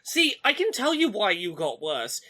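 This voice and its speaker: A podcast co-host chatting casually, telling animated stories and laughing easily. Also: medium pitch. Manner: animated storytelling, quick to laugh. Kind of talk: casual chat.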